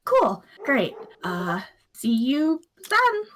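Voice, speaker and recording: A woman voicing an awkward, reluctant young man who speaks in halting bits. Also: high voice, wildly swooping pitch, a bit bright, slight background noise, voice pushed up, full character voice.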